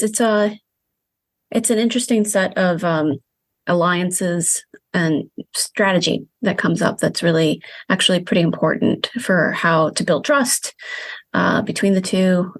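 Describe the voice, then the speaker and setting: Woman with a lowish voice, academic guest, lots of ums and likes, dry sound. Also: dry recording. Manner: hesitant, many fillers like "um" and "like". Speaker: guest media studies professor. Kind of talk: casual analytic chat.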